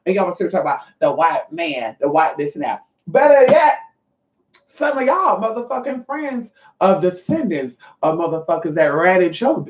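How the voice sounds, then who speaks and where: A man ranting in a sassy, profane, scolding monologue as a vlogger. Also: sits high. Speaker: vlogger and self-taught Reiki healer. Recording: echoey room, dull lo-fi sound.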